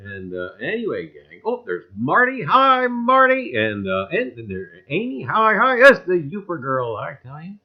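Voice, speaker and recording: Folksy, animated man hosting a livestream. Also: medium pitch. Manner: folksy, greets viewers by name, leans on pet phrases. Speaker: livestream host. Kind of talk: casual livestream chat. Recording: dull lo-fi stream audio.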